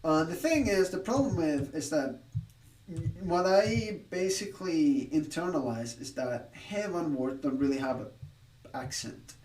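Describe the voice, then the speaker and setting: Streamer, male, somewhat high voice, thinks aloud and corrects himself as he explains, heard off-mic. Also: animated, measured pace, a little mellow, roomy sound, distant mic. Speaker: streamer learning a language. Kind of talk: casual live-stream study session.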